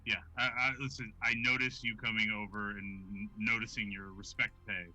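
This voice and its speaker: Bright, low-pitched male player. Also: flat delivery. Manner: halting, weighing each word. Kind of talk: tabletop role-play.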